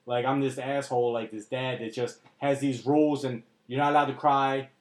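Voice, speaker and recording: A man's voice: medium pitch, fairly even intonation, normal speed. Earnest man talking candidly, roomy echo. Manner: earnest, emotional, blunt with swearing. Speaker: podcast co-host. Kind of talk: candid podcast conversation.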